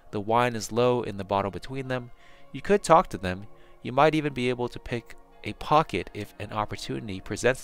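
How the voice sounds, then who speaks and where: A man narrating a second-person fantasy adventure in a measured way, with small slips and restarts. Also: on the low side.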